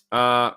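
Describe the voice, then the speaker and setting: A man's voice: medium pitch, creaky, pushed and bright, clean tone. A man hosting a live fan stream, rambling and fired up while he chats with viewers. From Australia. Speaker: fan channel host.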